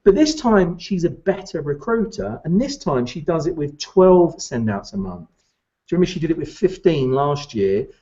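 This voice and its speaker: Animated male business coach, lo-fi. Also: on the high side, normal speed. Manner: animated, addresses listener directly with rhetorical questions. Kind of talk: direct-to-camera coaching talk.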